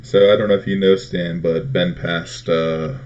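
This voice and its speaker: A man's voice: low voice, measured pace, slight background noise. A man co-hosting a casual chat, telling stories and acting out what others said. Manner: animated storyteller, acts out quotes. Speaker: co-host. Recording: dull lo-fi audio.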